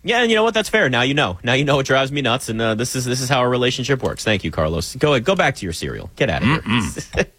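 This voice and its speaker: Male sports talk host, animated and teasing, dry studio mic. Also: medium pitch, fast, hardly any pauses, breathy edge, no echo. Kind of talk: casual sports talk show. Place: radio studio.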